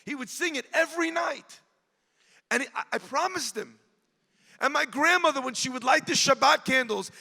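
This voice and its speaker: A man, a rabbi, giving an impassioned storytelling speech at an event, rising at times to shouts. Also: very high voice, creaky, in a large hall. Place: large event hall.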